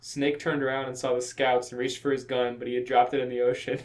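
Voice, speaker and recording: A man co-hosting a comedy podcast, reading a badly written fanfiction aloud in a deadpan voice that keeps breaking into laughter. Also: medium pitch, fast.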